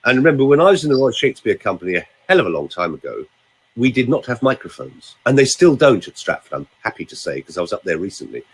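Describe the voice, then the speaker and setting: A man's voice: medium pitch, sing-song, quick pace, slightly rough. An older man, a vocal coach talking in a theatrical, teasing way on a podcast. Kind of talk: casual podcast chat with voice demonstrations.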